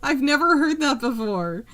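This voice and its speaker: Lively, bright-voiced woman streamer. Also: high voice. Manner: laughs often, swears freely, reads chat aloud. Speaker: streamer and host. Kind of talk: casual live-stream chat while crocheting.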